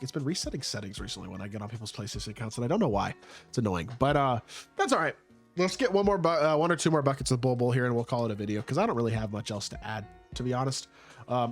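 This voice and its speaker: Young man, gaming commentary, rapid rambling delivery, asks himself questions, faint music underneath. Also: mid-range voice. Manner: rambling, hedging with ums and rhetorical questions. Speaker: gaming YouTuber. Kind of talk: casual gameplay commentary.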